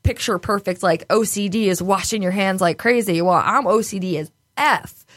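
A woman's voice: mid-range voice, moderate pace, a bit bright, no room sound, studio quality. A woman from New York speaking candidly in a casual interview, laughing often and swearing freely. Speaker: podcast guest.

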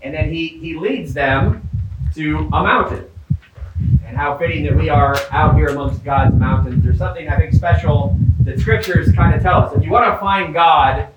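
Priest giving a distant, echoey homily. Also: male voice, fairly high pitch, normal speed, phone-quality sound, heavy background noise. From Midwestern US. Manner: conversational, with joking asides and repeated words. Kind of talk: outdoor homily. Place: outdoors in the mountains. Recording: echoey, distant outdoor sound.

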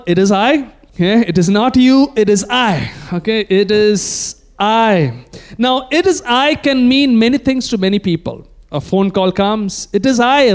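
High-voiced preacher, emphatic. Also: male voice. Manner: emphatic, calls the congregation to repeat phrases. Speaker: pastor. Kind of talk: sermon.

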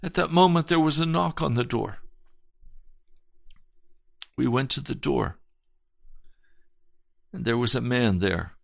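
A male pastor giving an earnest, emphatic broadcast sermon testimony, with slow, deliberate phrasing. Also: mid-range voice, gravelly, no echo, studio quality.

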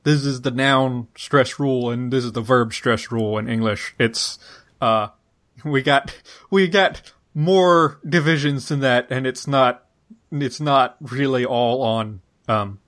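A man's voice: mid-range voice, a little slow, a bit bright. A man co-hosting a podcast, talking through a linguistics topic in a casual, hesitant way, with many fillers and restarts. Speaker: podcast co-host.

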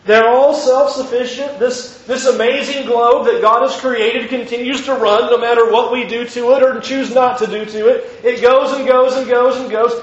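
A man preaching a sermon in a church, conversational and emphatic, often restarting his sentences. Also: very high-pitched. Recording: echoey room, dull lo-fi sound.

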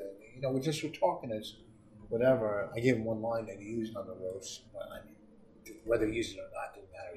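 A man's voice: on the low side, far from the mic, a little hiss or hum. Profane man telling stories in a roomy studio. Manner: profane, animated storytelling. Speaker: comedian guest. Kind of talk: casual storytelling.

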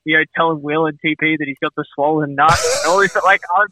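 A man's voice: a little high, fast talker, sharp tone, no echo. A man talking as a guest in casual chat, rambling and laughing, heard over a tinny phone-like line. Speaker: podcast guest.

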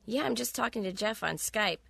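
A woman's voice: mid-range voice, expressive, brisk, vocal fry, a bit bright, slightly rough, no echo, exaggerated voice. Give me a woman reading the part of an upbeat young husband, offhand and breezy, in a dry, close sound. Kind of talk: reading a novel aloud.

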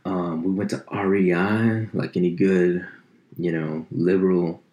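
A man's voice: low voice, little pitch movement, measured pace, darkish tone. A man in his thirties rambling in casual chat as a podcast host, profane and self-mocking. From United States. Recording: echoey room.

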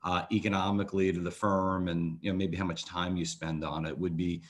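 A man's voice: deep voice, level tone, fairly quick. A man who is a financial advisor and hosts the show. He asks long, rambling questions full of "you know" and restarts. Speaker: financial advisor, podcast host. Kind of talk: interview questions.

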